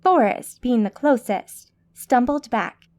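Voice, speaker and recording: A woman narrating an urban fantasy audiobook in a steady, measured way. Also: a little high.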